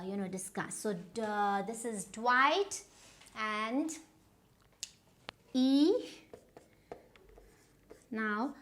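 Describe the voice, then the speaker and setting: A woman with an Indian English accent explains how to say words in an informal lesson. Her voice sits a little high. She talks at an easy pace and often stops to check that her listeners are following. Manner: unhurried, stops often to check understanding with "right?". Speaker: pronunciation teacher.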